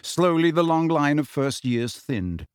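A man reading a storybook aloud as narrator, with expressive storytelling. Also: a little high, a little slow, clean tone, no room sound, clean studio sound. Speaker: audiobook reader. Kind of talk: scripted narration.

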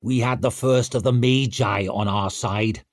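A man voicing a sour, grim aging chieftain who speaks low and quietly. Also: fairly even intonation, a little slow, dry recording, studio quality, natural voice.

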